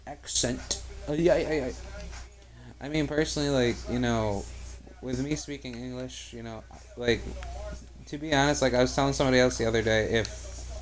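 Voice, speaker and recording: A man's voice: medium pitch, steady tone, a little fast. Rambling, profane young man. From United States. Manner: rambling, profane, heavy on "like" and "you know". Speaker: video game streamer. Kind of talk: live gameplay commentary and casual chat.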